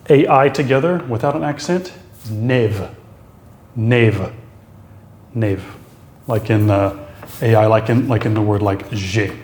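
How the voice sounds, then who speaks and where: Halting man teaching French accents. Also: medium pitch, darkish tone, echoey room. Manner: halting, many fillers and restarts. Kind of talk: explaining French accent marks.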